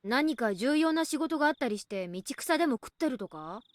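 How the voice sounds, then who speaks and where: A lively, bouncy anime teen girl. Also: sits high, racing, no room sound. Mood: teasing. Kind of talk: Japanese game voice acting.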